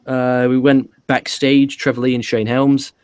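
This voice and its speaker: A man's voice: mid-range voice, little pitch movement, unhurried, a little mellow, smooth, dry recording. A man co-hosting a podcast, recapping a wrestling show in a dry, matter-of-fact way. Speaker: podcast co-host.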